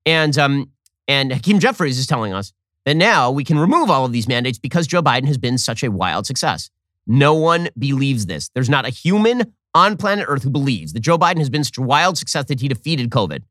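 Exasperated male host doing a rapid sarcastic monologue with a lively, bouncing pitch. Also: dry recording, studio quality. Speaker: political commentary host. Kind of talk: fast opinionated monologue.

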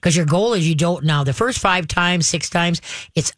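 A woman hosting a call-in show as a dog trainer, giving direct, step-by-step advice to a caller and acting out calm commands, often checking in with "okay?". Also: fairly low pitch, moderate pace, no echo, clean studio sound. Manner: frequent checks like "okay?" and "all right?".

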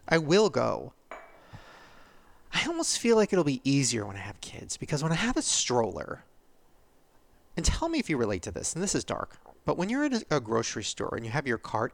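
A man in his thirties with a medium-pitched voice and vocal fry hosts a podcast, baring himself in a confessional monologue. He laughs through his tears as he speaks openly and vulnerably.

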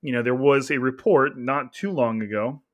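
Male podcast host from California, relaxed and rambling, laughs easily, mid-range voice. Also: medium pitch, moderate pace. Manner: chatty, laughing, heavy on filler words. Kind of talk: casual sports podcast chat.

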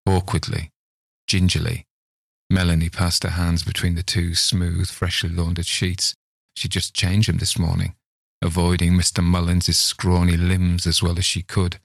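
Deep, gravelly male story reader. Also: monotone, a little slow, dry recording, studio quality. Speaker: reader of stories. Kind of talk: storytelling narration.

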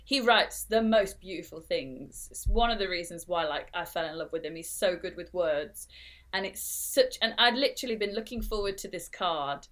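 A woman's voice: on the low side, expressive, moderate pace. A woman in her thirties co-hosting a podcast, telling a personal story in casual chat with lots of fillers and restarts. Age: 30s. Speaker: podcast co-host.

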